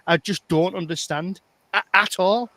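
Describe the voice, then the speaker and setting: A fairly high-voiced man in a casual podcast chat, emphatic and exasperated, circling back to the same point. The sound is close and dry, with no room around it. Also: a little slow, sharp tone, no echo. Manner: exasperated, emphatic, repeats himself. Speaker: podcast co-host.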